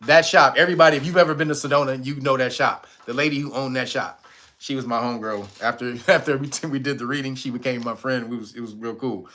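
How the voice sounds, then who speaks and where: A man's voice: mid-range voice, steady tone, fast, bright, forceful tone. A man hosting a livestream, telling a casual, profane story and laughing often. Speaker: livestream host.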